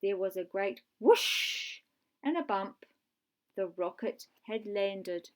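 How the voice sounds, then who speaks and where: A woman narrating a children's storybook in a clear, measured way with dramatic pauses. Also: mid-range voice, animated.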